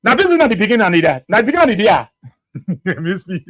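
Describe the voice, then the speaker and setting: A man with a Liberian English accent hosting a radio talk show, giving animated, mocking political commentary and laughing often. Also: high-pitched, fast, no echo.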